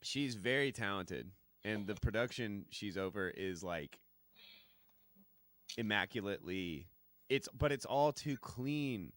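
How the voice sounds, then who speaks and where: A man's voice: on the low side, lively intonation, slow pace, fairly bright tone, no room sound, studio quality. A man chatting casually on a stream, opinionated and easygoing, with plenty of fillers. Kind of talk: casual chat.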